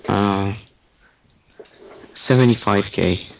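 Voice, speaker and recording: A man's voice: fairly low pitch, drawn-out words, creaky. A man chiming in with laid-back, dry remarks during a friend's gameplay. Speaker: friend commenting along. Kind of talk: casual gameplay banter.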